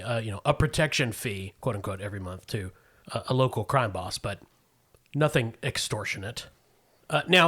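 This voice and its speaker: A man running a tabletop role-playing game as game master, explaining the setting in a relaxed way with fillers and restarts. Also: medium pitch.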